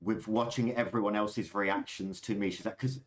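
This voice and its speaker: A man's voice: fairly low pitch, steady tone, normal speed, a little hiss or hum. A British man talking casually as a dungeon master, reflective and chatty. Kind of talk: casual chat.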